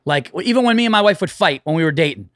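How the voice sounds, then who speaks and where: A male podcast guest talks frankly about his family in easy, conversational storytelling. His voice sits a little higher than most men's, recorded close and dry into a studio mic. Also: expressive, very fast, fairly bright tone, no echo. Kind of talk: casual chat.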